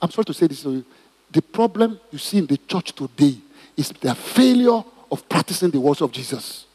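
A man's voice: on the high side, very animated, fairly quick, a little mellow, breathy edge, long reverb tail. A middle-aged man preaching a sermon as pastor, emphatic and repetitive, with stammered restarts.

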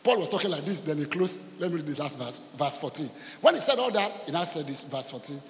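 A man's voice: a little high, animated, quick pace, few pauses, a little hiss or hum. A man with a Nigerian accent preaching a sermon as pastor, leading the congregation in rhythmic call-and-response with emphatic repetition. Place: church hall. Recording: echoey hall with long reverb.

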